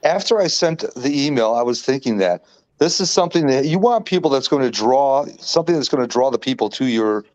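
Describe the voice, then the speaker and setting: A man's voice: mid-range voice, lively intonation, brisk, darkish tone. Brief: male car guy, mid voice, matter-of-fact, muffled remote line. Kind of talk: casual live chat.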